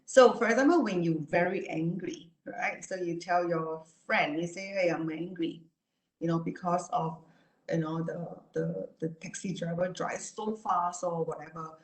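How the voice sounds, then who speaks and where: A woman therapist giving an online talk and answering questions, speaking calmly and repetitively with many "you know" and "right?" asides. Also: fairly low pitch, moderate pace, roomy sound.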